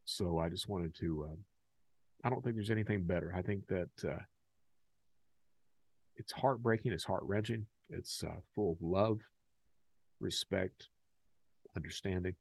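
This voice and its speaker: Low-voiced American man telling stories. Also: unhurried, vocal fry, long pauses, husky, no room sound. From United States. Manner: rambling, candid, many fillers; animated when telling stories. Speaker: podcast host. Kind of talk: casual podcast storytelling.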